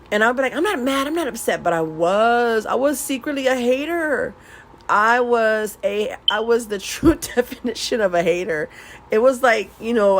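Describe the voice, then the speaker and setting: A woman's voice: medium pitch, low-quality recording. Woman just talking to her followers at home, kinda rambly and open, little hiss behind her. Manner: rambling, candid, frequent restarts and laughs. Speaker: beauty vlogger swatching nail products. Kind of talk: casual confessional chat.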